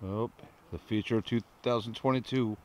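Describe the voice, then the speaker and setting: A man's voice: lowish voice, steady tone, moderate pace, crowd noise. A man co-hosting a casual vlog in the woods at night, laid-back and joking. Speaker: vlog co-host. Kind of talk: casual outdoor vlog chat.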